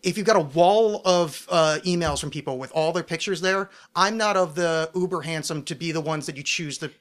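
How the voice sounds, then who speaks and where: Bright-voiced joking man, podcast host. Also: a little high, brisk. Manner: rambling, joking, full of restarts. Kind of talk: casual chat. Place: small podcast studio.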